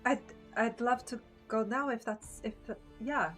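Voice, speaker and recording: A woman with a somewhat raised voice, speaking in character at a tabletop game. She is polite and halting, restarting her sentences, while faint music plays behind her. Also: on the high side, fairly bright tone. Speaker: player. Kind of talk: in-character tabletop role-play.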